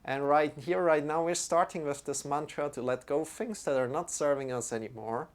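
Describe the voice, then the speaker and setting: A man teaching a live-streamed yoga class. He greets viewers by name and answers their chat comments in an unhurried way. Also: fairly high pitch. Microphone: streaming microphone.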